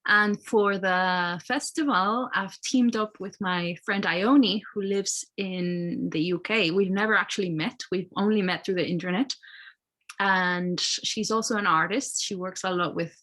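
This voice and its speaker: A woman's voice: medium pitch, a little slow, fairly bright tone. A woman from Mexico, a guest artist talking in a friendly, hesitant way on a video call. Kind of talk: casual interview.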